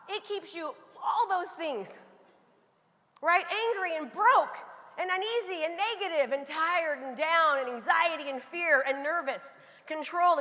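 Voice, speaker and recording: A bright, forceful woman delivers a motivational talk from a stage and leads the crowd in chants that she often shouts. Her voice sits high, and the recording carries the long reverb of a big hall. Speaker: motivational speaker.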